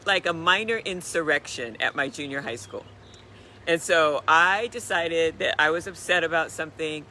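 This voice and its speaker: A woman in her sixties telling a story in a chatty, animated way, giving a motivational talk on a live stream. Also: deep voice, a little hiss or hum. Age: 60s. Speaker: wellness speaker.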